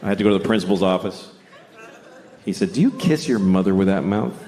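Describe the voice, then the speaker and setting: A middle-aged man doing a blunt, deadpan stand-up comedy set, often acting out other people's voices. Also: sits low, fast talker. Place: stage before a laughing audience. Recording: live stage recording with audience noise. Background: audience laughter.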